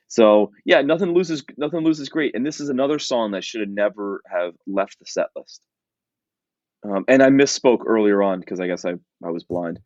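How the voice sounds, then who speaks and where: A man's voice: lowish voice, no echo, muffled recording. A man co-hosting a podcast in casual chat, rambling and chatty with many fillers and restarts. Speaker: podcast co-host.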